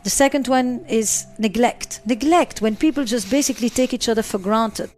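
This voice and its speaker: A woman's voice: a little high, moderate pace, darkish tone, faint music behind. A middle-aged woman speaks as a psychotherapist in an interview. Her delivery is emphatic, and she often repeats a phrase to drive it home. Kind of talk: interview answers.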